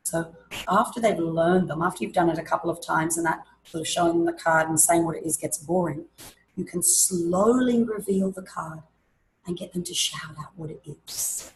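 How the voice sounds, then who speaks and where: A woman presenting an online teaching webinar, explaining classroom activities in a lively way and acting out examples. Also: on the low side, moderate pace, slight background noise, rough recording. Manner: lively, demonstrates classroom voices and chants.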